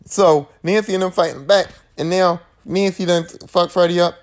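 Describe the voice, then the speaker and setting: A man's voice: high-pitched, fairly even intonation, normal speed. A man hosting a podcast, recapping horror movies in a slangy, profane, rambling way. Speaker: podcast host.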